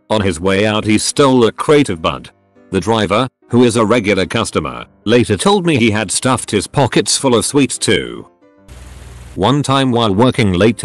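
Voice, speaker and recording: A man's voice: fairly low pitch, no room sound. A man narrating online stories aloud in a plain storytelling delivery. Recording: dry close recording with faint background music.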